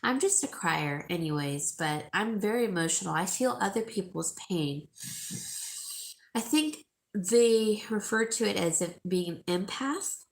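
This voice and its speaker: Middle-aged woman vlogger, teary and soft-spoken, slow and gravelly delivery. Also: medium pitch, animated. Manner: soft, tearful, talks baby talk to her pet. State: crying. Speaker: jewelry seller and vlogger. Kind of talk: emotional casual talk to viewers.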